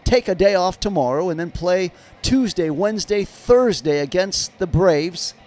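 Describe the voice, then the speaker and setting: A man's voice: sits high, lively intonation, a little slow, a little mellow. A man giving live play-by-play of a baseball game on a stream, chatting in rambling asides with viewers. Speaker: livestream baseball commentator.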